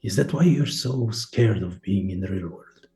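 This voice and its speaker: A man's voice: lowish voice, animated, moderate pace, warm tone, faint music behind. A man improvising in character at a tabletop game, rambling and apologetic, swearing casually. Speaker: tabletop role-play participant voicing a character. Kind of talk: in-character improvised role-play.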